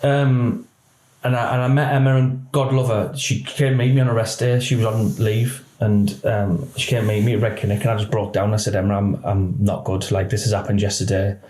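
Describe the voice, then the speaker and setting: A man, a retired police officer telling a personal story in halting speech that often quotes others. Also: medium pitch, flat delivery, warm tone. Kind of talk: emotional personal account. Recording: roomy echo.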